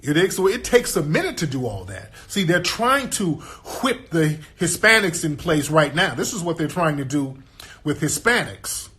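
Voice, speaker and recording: A man holds forth in a loose, emphatic monologue, streetwise and profane. He keeps checking that the listener is with him, and his voice sits somewhat high for a man. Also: big pitch swings, normal speed, bright, forceful tone. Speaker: guest commentator. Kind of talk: casual monologue.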